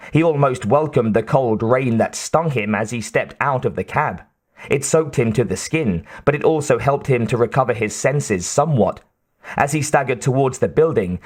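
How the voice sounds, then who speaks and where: The clip features scripted storytelling: a man with a medium-pitched voice reads an audiobook in a calm, even, measured manner.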